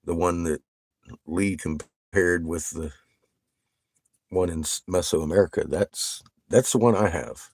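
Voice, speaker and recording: A man chatting casually with viewers on a livestream. He swears constantly, gets excited and laughs often. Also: sits low, unhurried, long pauses, no echo.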